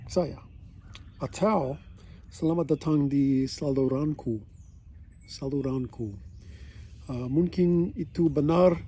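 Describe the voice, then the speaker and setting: A man's voice: fairly high pitch, mellow, breathy edge. A man chatting casually in a language-learning vlog outdoors, rambling with many fillers. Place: outdoors near a road.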